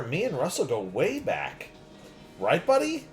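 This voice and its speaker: Animated streamer reading out a game, faint music underneath. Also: male voice, fairly high pitch, a little slow. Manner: playful, animated. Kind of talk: casual game reading and commentary.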